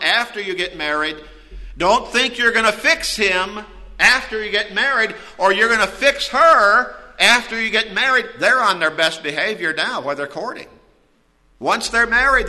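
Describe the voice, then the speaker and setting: A man preaching a sermon, telling a story and swinging from quiet asides to loud outbursts. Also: high voice, in a large hall, rough recording. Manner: storytelling with wide swings in loudness.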